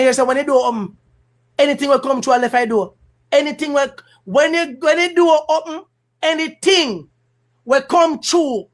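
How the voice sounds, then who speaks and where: Switching back and forth between patois and standard English, a very high-pitched Jamaican man runs a laid-back political commentary stream. He's animated and emphatic, laughing and repeating lines for effect.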